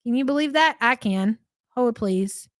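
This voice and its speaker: A woman's voice: fairly high pitch, lively intonation, a little slow, no echo, clean studio sound. A middle-aged woman hosting a live stream, chatting casually and rambling, with frequent profanity.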